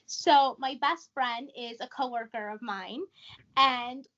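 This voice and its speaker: A young woman from New York tells her story as a guest, her New York accent plain and her manner chatty and animated. Her high, bright voice comes through slightly dull, lo-fi audio. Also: takes it slowly. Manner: chatty, animated, says "like" a lot. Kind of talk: casual interview storytelling.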